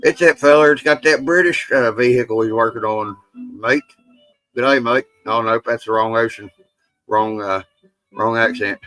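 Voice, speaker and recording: A man's voice: medium pitch, steady tone, normal speed, a bit bright, no echo, low-quality recording. A man hosting a casual livestream, rambling and teasing his friends with salty jokes. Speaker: livestream host.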